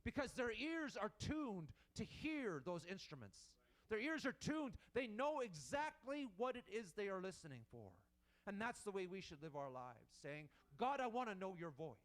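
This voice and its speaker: A man's voice: high-pitched, big pitch swings, moderate pace. A man preaching a sermon in an earnest manner, repeating and restarting as he builds his points.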